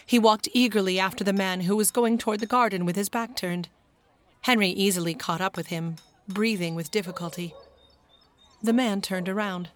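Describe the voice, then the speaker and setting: A woman narrating a children's storybook as an audiobook in a calm, even manner. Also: mid-range voice, moderate pace.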